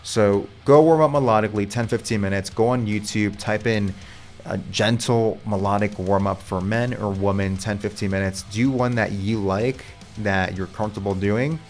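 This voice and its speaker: Casual, low-voiced man coaching singers. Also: moderate pace, darkish tone, soft background music. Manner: casual and chatty, with loose swearing. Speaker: vocal coach. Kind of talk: casual instructional talk.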